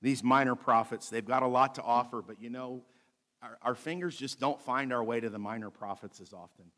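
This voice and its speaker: A male pastor delivering a sermon, reading scripture slowly and adding light asides with a bit of humor. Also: mid-range voice, fairly bright tone. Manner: preaching with light humor, slows to read scripture aloud.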